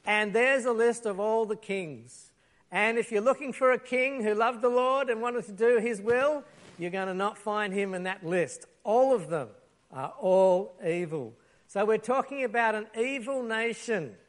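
In an unhurried, lively sermon, a man with a high-pitched voice tells a Bible story with energy. He acts out the quotes and picks up props as the story unfolds.

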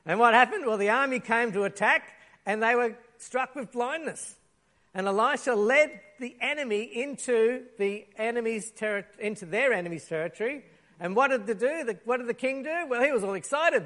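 A man preaching a sermon, telling a Bible story in a lively way, acting out the lines and using props. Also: high voice, moderate pace.

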